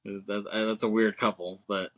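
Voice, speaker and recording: This podcast co-host is a man with a lowish voice who keeps a level tone and a moderate pace. Recapping films on a casual movie show, he laughs often, curses, and acts out scenes.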